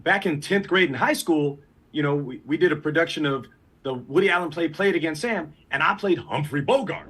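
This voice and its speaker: Man from Los Angeles, interview guest, relaxed storyteller, fairly high voice. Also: a little fast, slightly rough, faint music behind. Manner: relaxed storytelling, loose restarts. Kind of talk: casual interview chat.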